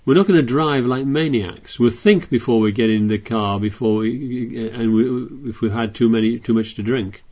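A man's voice: medium pitch, moderate pace, few pauses, warm tone, muffled recording. A man preaching a sermon, reading scripture aloud and explaining it in a chatty way with frequent restarts.

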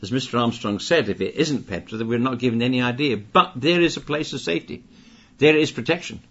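An older British man preaches at a little fast pace, his middle-pitched voice husky and slightly rough yet fairly bright in tone. Each point gets hammered through repetition and rising loudness. The recording sounds dull and lo-fi.

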